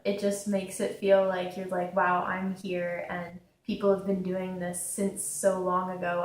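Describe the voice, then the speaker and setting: A woman's voice: fairly low pitch, a little mellow, a little hiss or hum. Thoughtful young woman in a roomy space. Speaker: student interviewee. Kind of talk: casual interview answers. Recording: roomy echo.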